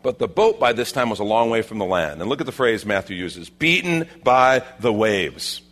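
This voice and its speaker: A middle-aged man preaching a sermon in an animated way, acting out voices and asking the room questions. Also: lowish voice, moderate pace. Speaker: pastor.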